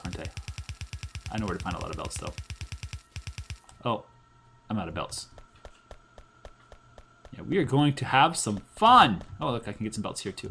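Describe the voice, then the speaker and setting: Guy with a cold doing gameplay commentary, gravelly and lively, jokey dad, slight background hiss. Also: lowish voice. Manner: chatty, joking with his daughter. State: hoarse from a cold. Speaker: gameplay video host. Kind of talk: casual game commentary.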